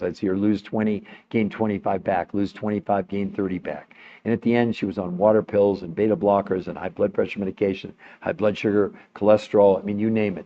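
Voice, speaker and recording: A man hosting a podcast, talking to his viewers in an emphatic, insistent way, often repeating his words, and straining his voice. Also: on the low side. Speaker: podcast host. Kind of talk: impassioned livestream talk to viewers. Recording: dull lo-fi sound.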